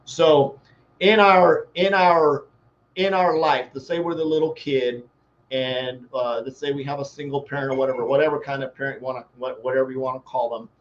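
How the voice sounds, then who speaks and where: A man's voice: mid-range voice, steady tone, normal speed, muffled recording. A man giving a motivational talk as a life coach, telling a folksy, rambling story built on homespun analogies.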